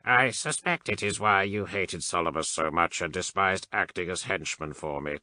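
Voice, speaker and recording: A man voicing a cold, mechanical male cyborg adept who speaks without emotion in slow, precise sentences. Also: low-pitched, pushed and bright, dry recording.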